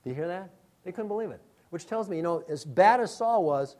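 A man preaching with a voice pitched a touch higher than most men. He swings from loud, ringing calls down to soft, hushed asides, always in the dramatic manner of a sermon. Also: animated, brisk. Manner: dramatic, calls out names loudly then drops to a hush. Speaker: pastor.

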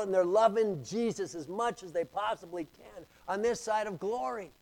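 A pastor preaching a sermon, reading scripture and repeating key phrases with emphasis. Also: male voice, high voice, moderate pace, vocal fry, hardly any pauses, darkish tone, low-quality recording.

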